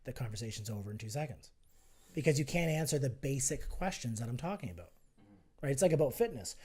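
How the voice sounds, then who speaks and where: Speaking as a podcast guest, a health and fitness entrepreneur makes his case persuasively in casual conversation, performing both sides of an argument. He has a medium-pitched, sing-song voice that is dark, slightly rough and quick.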